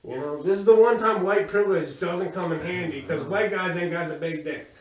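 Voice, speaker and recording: A man doing crude stand-up storytelling, profane and animated, laughing as he goes. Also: high voice, fairly quick. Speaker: stand-up comedian. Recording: echoey room from far off with crowd.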